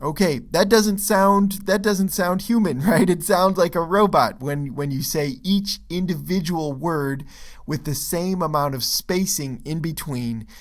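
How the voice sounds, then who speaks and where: A man's voice: a little high, a little slow. A man teaching English pronunciation in a video lesson, explaining step by step and checking in often with "okay?" and "right?". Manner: relaxed, with frequent fillers and restarts.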